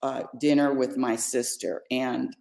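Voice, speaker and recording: Older lady with a low voice telling jokey stories, lots of repeats, roomy echo. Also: a little slow, gravelly. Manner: joking, animated, repeats words often. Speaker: podcast co-host, mother. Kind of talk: casual storytelling chat. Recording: echoey room.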